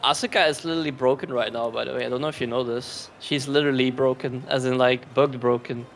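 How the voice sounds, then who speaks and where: A man's voice: mid-range voice, steady tone, fast talker, vocal fry, slight background noise. A man commentating a fighting game tournament in a casual, rambling way, often sarcastic and laughing.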